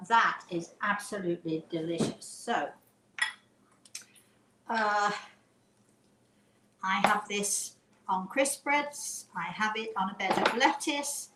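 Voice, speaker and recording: A woman's voice: medium pitch, noisy background. Woman, chatty cooking host, roomy kitchen echo, dishes clattering behind. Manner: chatty, eyeballing amounts aloud. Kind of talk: casual cooking demonstration. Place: home kitchen.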